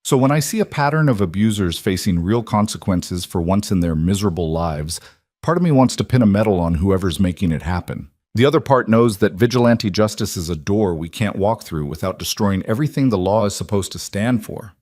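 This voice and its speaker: Here a man narrates in his natural low voice as a tired, no-nonsense female detective, asking her questions in a steady, even way; the mood is weary yet earnest. His tone is expressive and slightly mellow, captured dry and close to the mic with no surrounding room.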